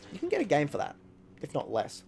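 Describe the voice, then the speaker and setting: A man talking casually over a video game he is playing, excitable and rambling, swearing often. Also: fairly high pitch, quick pace, creaky, faint music behind. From Australia. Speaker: gaming YouTuber. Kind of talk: casual let's-play commentary.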